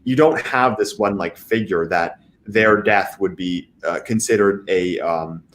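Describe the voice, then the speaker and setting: Deep-voiced man, halting talk. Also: a bit bright. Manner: halting, many fillers and restarts. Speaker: panel guest. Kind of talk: casual discussion.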